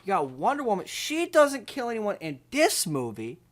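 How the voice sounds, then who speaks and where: Speaking at normal speed, a man whose voice sits high, with wildly swooping pitch, hosts a comedy video. He plays an overconfident movie ranker, rambling and bumbling, stumbling over his words with frequent fillers and restarts.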